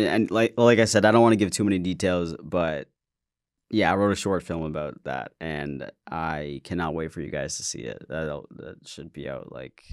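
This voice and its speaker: On a clean, dry studio recording, a man with a low-sitting voice hosts his own podcast. He shares a personal story candidly and casually, with swearing and stammers throughout.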